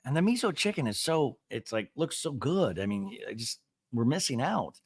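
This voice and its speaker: Brief: animated male podcast host, gossipy recap, dry close mic. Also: medium pitch, normal speed, breathy edge, no echo. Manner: animated, gossipy, acts out quotes. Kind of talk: casual reality-show recap.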